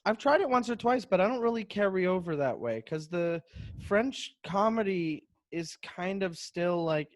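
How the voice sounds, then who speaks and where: A man, a comedian guest, chatting casually and telling jokey stories with quick restarts over a home mic. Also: sits high, expressive, no room sound, clean studio sound. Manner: quick, joking storyteller with restarts. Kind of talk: casual chat. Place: home, remote. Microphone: home microphone, remote call.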